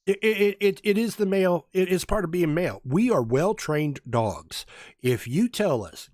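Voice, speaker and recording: A man's voice: high voice, unhurried, no echo, studio quality. A man co-hosting a casual chat, telling funny stories and acting out the people in them. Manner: animated storyteller, acts out voices. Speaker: podcast co-host.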